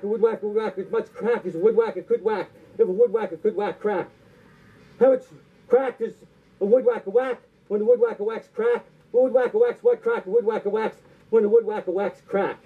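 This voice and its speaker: On stage, a man fires off long tongue twisters and silly punchlines at speed, sounding breathless. His voice is high-pitched and slightly rough. The recording has a tinny, phone-like quality.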